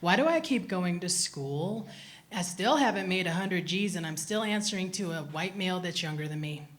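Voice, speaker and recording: A woman's voice: fairly low pitch, animated, normal speed. A woman speaking candidly on a live panel, emotional at times and full of casual fillers. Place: live event at a university.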